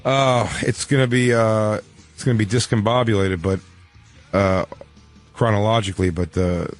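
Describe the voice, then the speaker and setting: A man's voice: on the low side, steady tone, moderate pace, soft background music. A man from Philadelphia with a Philly accent, co-hosting a comedy talk show, riffing and laughing often. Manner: laughs often, riffs absurdly. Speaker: comedian co-host. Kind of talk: casual comedic banter.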